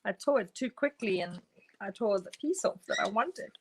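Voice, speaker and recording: A woman chatting casually while painting a craft project, talkative and quick to laugh. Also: medium pitch, animated, a little hiss or hum, poor audio. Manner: chatty, laughs often, talks to her pet birds. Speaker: craft stream co-host.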